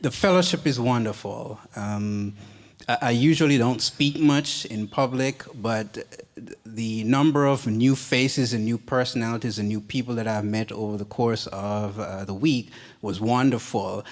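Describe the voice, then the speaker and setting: Guy from the congregation sharing, lots of uhs, hesitant, middle pitch. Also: a little slow.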